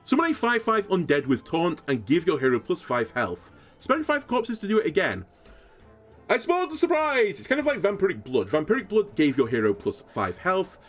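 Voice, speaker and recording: A man giving card review commentary as a content creator, animated and thinking aloud as he goes. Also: fairly quick, hardly any pauses, faint music behind. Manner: animated, swooping pitch, thinks aloud with fillers.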